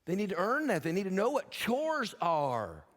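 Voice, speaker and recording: An older male pastor delivers a sermon in a somewhat high voice, swinging between folksy, humorous storytelling and earnest, emphatic exhortation. His voice rings out with a long reverb that trails off through a church sanctuary. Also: huge pitch swings, normal speed.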